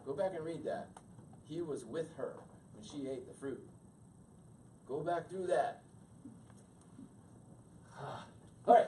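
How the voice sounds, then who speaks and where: Heard from a distance, a man with a slightly high, mellow voice teaches a couples' class at a marriage workshop, speaking slowly and pausing often. He keeps it conversational and quizzes the audience gathered in the meeting room. The distant mic also picks up background noise.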